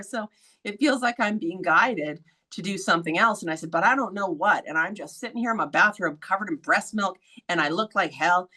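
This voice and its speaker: A woman hosting a podcast, telling a story in a casual, blunt way, swearing freely and acting out quoted voices with sudden high jumps. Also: bright, forceful tone. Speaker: podcast host.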